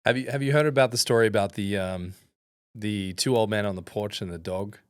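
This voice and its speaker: Man, podcast host, relaxed storytelling, low voice, dry sound. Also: a little fast, clear, resonant tone, no room sound. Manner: relaxed storyteller, laughs easily. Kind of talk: podcast interview.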